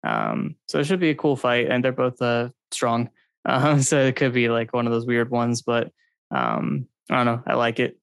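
In a casual podcast chat, a male co-host breaks down fights in a loose, rambling, hedging way packed with ums and likes. His mid-range voice is sing-song and smooth with some vocal fry, he speaks at a moderate pace, and there is no room sound.

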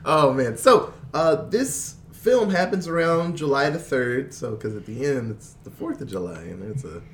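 Animated man recapping a movie. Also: mid-range voice, moderate pace, a little hiss or hum. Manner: animated storyteller, laughs often, mimics characters. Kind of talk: casual movie recap chat.

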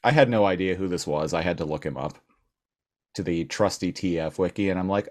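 A man co-hosting a podcast in relaxed, casual chat with some hesitant restarts. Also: low voice, brisk. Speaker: podcast co-host.

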